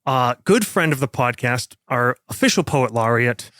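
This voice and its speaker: Casting: lively male game master, fairly high pitch, dry close sound, loose rambling chat. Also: moderate pace, no echo. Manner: rambling, joking. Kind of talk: casual chat.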